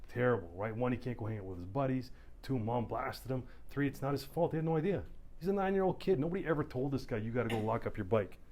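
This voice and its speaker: At a community hall, a middle-aged Canadian police officer addresses a town hall audience, his medium-pitched voice moving at a quick pace. He tells stories animatedly and acts out the voices of the people in them.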